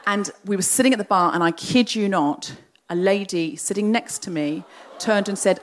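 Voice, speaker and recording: A woman in her forties tells a confessional, self-mocking story to a live theatre audience. She is animated and chatty, with a voice of ordinary middle pitch for a woman. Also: fairly quick, a little hiss or hum. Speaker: comedy podcast host.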